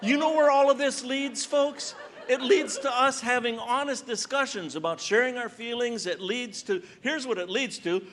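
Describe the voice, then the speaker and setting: An older man doing stand-up storytelling as a Christian comedian, animated and acting out voices on a large conference stage. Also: extremely high pitch, normal speed, a crowd in the background. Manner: animated, acts out voices and shouts punchlines.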